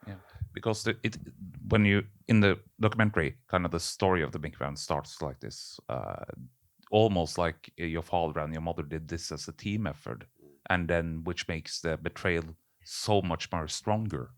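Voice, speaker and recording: A man's voice: low-pitched, moderate pace, no room sound, clean studio sound. A man interviewing a filmmaker, asking hesitant questions and often restarting his sentences. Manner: hesitant, restarts sentences, frequent murmured assent.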